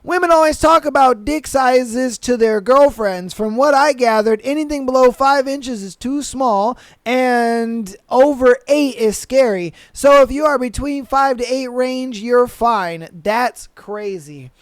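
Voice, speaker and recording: A man's voice: extremely high pitch, a little slow, few pauses, no room sound, studio quality. A man hosting a podcast, reading stories aloud and reacting with slangy, laughing commentary. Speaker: podcast host.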